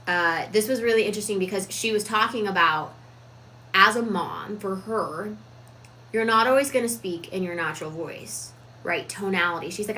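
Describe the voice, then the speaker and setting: A woman giving a reflective, casual talk on personal growth, deliberate with frequent fillers. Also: medium pitch, bright, forceful tone, a little hiss or hum, rough recording. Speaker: self-improvement vlogger.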